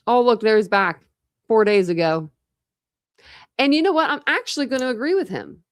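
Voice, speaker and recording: A woman's voice: a little high, expressive, moderate pace, dry recording, clean studio sound. A young woman hosting a casual true crime livestream, tired and rambling with many fillers. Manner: rambling, lots of fillers and restarts. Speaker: true crime channel host. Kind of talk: casual livestream chat with viewers.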